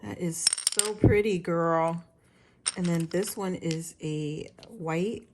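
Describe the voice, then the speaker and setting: A woman hosting her own craft channel, chatting casually and gushing over items as she unboxes them, now and then clearing her throat. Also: lowish voice, slow, background noise. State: recovering from illness, clears throat.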